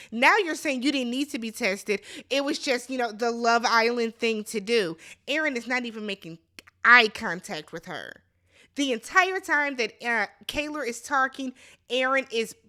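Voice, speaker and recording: A woman's voice: a little high, bright, forceful tone. A woman hosting a casual reality TV recap, sassy and chatty, talking straight to her viewers. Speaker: recap host.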